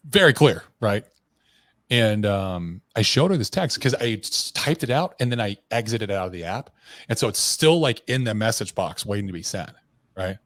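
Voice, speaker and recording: A man's voice: lowish voice, no echo. A man guest on a podcast, candidly telling a personal story in a blunt, profane way, full of restarts and slang.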